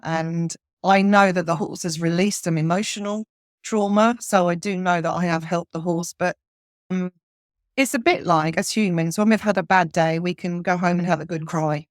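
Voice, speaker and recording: Guest interviewee: woman, lowish voice, earnest and halting, dry close mic. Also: no room sound. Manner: earnest, frequent restarts and ums. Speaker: horse communicator guest. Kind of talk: casual interview chat.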